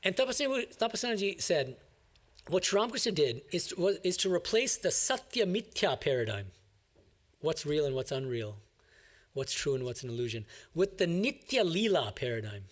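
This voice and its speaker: A man's voice: on the high side, sing-song, moderate pace. A man, a monk, giving an emphatic, explanatory commentary on a scripture reading to a class.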